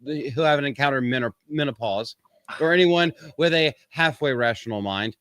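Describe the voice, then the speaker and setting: A man's voice: medium pitch, moderate pace, pushed and bright, no room sound. A man hosting a live-stream commentary show, reading quotes aloud and interrupting them with a profane, mocking rant. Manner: reads quotes aloud and interrupts with sarcastic asides. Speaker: podcast host.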